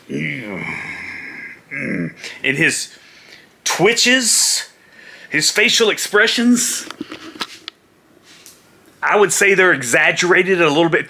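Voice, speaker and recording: A man, a motorcycle vlogger and former pro wrestler, telling a story casually, animated and laughing often. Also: on the high side, vocal fry.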